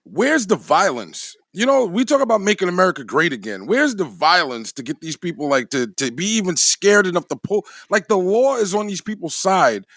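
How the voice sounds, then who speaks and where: A man's voice: high voice, very animated, a little fast, hardly any pauses, fairly bright tone, no room sound, clean studio sound. A man co-hosting a casual podcast chat, talking in a laid-back way and often checking "you know what I'm saying" over a remote call.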